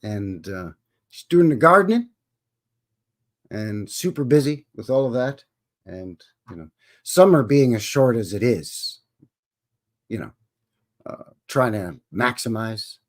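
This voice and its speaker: A man's voice: mid-range voice, animated, slow, pauses often. A middle-aged man with a Western Canadian accent, hosting a casual live stream and greeting viewers in a folksy way.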